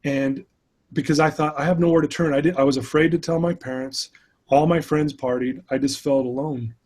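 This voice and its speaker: A man's voice, a little high with a steady, somewhat dark tone, moves fairly quickly. He's a speaker and mentor telling of his own struggles in an interview, earnest and candid.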